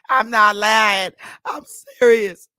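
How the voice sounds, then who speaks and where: A woman hosting her own channel, chatting to viewers in a loose, profane way, laughing often and stammering when she gets excited. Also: mid-range voice, unhurried, no echo, clean studio sound. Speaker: channel host. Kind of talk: casual commentary to viewers.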